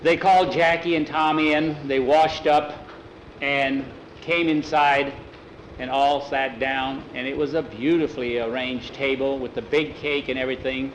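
A man telling a homespun family story aloud in an easygoing, unhurried way, voicing the characters as he goes. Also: mid-range voice, fairly even intonation, roomy sound, slight background noise, poor audio. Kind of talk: oral storytelling.

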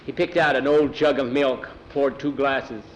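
Male storyteller, folksy unhurried narration, middle pitch, faint road noise behind. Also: fairly even intonation, rough recording. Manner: plain, unhurried folksy telling. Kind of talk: oral storytelling.

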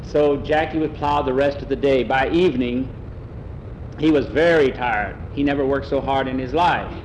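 A man's voice: medium pitch, moderate pace, a little hiss or hum, rough recording. A man telling a story aloud in a plain, folksy way, often repeating "he says". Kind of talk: oral storytelling.

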